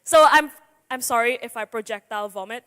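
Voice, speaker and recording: A nervous seventeen-year-old girl delivers a youth sermon in a church sanctuary, her voice high-ish, brisk, and fairly bright. Jittery and giggly, she jokes and laughs at herself, and the church hall adds reverb.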